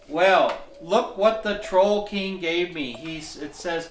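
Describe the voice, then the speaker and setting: A man in the role of Santa, reading a bedtime story in a gentle, chuckling, folksy way. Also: fairly high pitch, unhurried, hardly any pauses. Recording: echoey room, mic at a distance, soft music.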